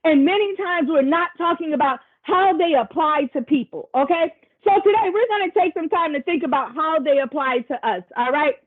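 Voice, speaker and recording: This woman presenter runs a virtual workshop on a video call, her voice sitting high as she talks at a moderate pace with few pauses. She keeps things chatty and encouraging, with offhand remarks to participants, and the audio sounds tinny.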